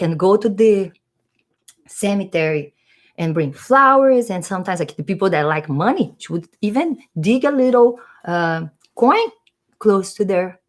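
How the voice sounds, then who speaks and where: Rambling, hesitant woman vlogger. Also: mid-range voice. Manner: rambling, hesitant, searching for words. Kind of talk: casual musing monologue.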